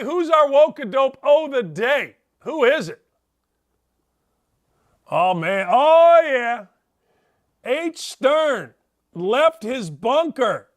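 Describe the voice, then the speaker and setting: A man's voice: high voice, fairly bright tone. A middle-aged man hosting a sports talk show, ranting bluntly and sarcastically in a rambling way. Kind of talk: opinionated talk radio rant.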